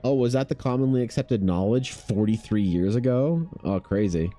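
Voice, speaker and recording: A man in his thirties chatting casually while streaming his art, laid-back, swearing freely and mimicking people in a higher voice. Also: lively intonation, moderate pace, dark tone. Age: 30s. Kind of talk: casual chat with chat.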